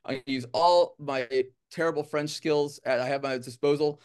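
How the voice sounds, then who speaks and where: A man's voice: fairly high pitch, fairly even intonation, brisk, smooth. A man from the United States, a musician guest, chatting casually in an interview with a rambling, joking, self-deprecating manner.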